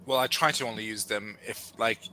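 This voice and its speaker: A man's voice: lowish voice, fairly even intonation, brisk, sharp tone, rough recording. A man co-hosting a live writing stream, dry-humored and inquisitive, asking pointed questions. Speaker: writer co-host of a writing stream. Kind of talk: casual chat on a live stream.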